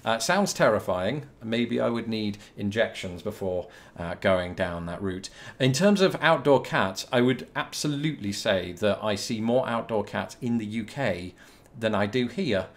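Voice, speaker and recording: A man's voice: lowish voice, animated, a little slow. A young British man with a British English accent, hosting a casual video Q&A and answering viewer questions in a chatty, rambling way with dry, self-mocking humour. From Britain. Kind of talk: casual to-camera Q&A.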